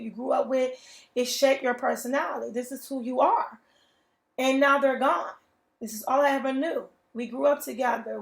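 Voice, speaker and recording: A woman's voice: fairly high pitch, gravelly, roomy sound. A woman host sharing a heartfelt personal testimony, earnest and emotional, speaking straight to her listeners. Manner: earnest, emotional storytelling, addresses listeners directly.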